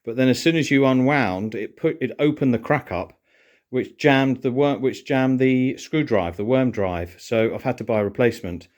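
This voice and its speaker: A man's voice: medium pitch, moderate pace, a little mellow, dull audio. A middle-aged British man vlogging, chatting casually and explaining things in detail with a playful streak.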